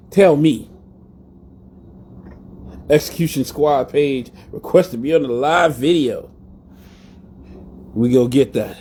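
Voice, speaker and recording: A man's voice: a little high, warm tone, slightly rough. A man hosting a live wrestling talk show in a blunt, profane, rambling way. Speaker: podcast host. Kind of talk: casual live-stream rant.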